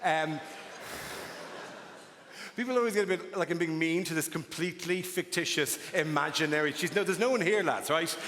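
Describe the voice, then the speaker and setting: A man's voice: a little high, animated, fairly quick, fairly bright tone. A middle-aged Irish man doing a stand-up comedy set, wry and cynical, telling stories and slipping into voices. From Ireland. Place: large theatre with audience. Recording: live theatre with long reverb and audience.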